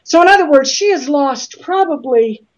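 A middle-aged woman from Utah, speaking earnestly and haltingly as an author in an interview, often restarting her sentences. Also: high voice, animated. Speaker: guest author. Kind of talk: interview conversation. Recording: slightly dull lo-fi audio.

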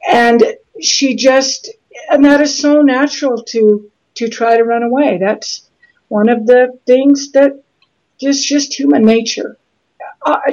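A middle-aged woman from Utah, speaking earnestly and haltingly as an author in an interview, often restarting her sentences. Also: fairly high pitch, a little mellow. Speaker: guest author. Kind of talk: interview conversation. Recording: slightly dull lo-fi audio.

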